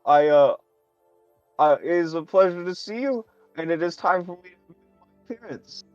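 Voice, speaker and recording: A man's voice: expressive, normal speed, a little mellow, smooth, dry recording, lo-fi sound, soft background music, lightly acted. Man putting on a jolly axolotl admiral. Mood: grandiose. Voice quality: high, gushing party-host voice. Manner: grandiose, theatrical greetings. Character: flamboyant male axolotl admiral, jolly host.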